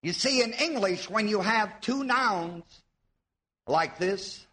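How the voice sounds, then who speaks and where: A man's voice: high voice, animated, takes it slowly, sharp tone. A man preaching a sermon, teaching his audience, asking them questions and drawing out the words he wants to stress. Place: church before a live audience.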